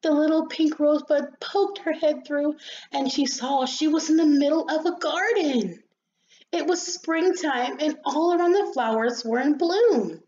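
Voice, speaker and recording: A woman reading a children's story aloud in an expressive, gentle storytelling manner. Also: high-pitched, unhurried, a little hiss or hum. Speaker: storybook reader. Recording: slightly dull lo-fi recording.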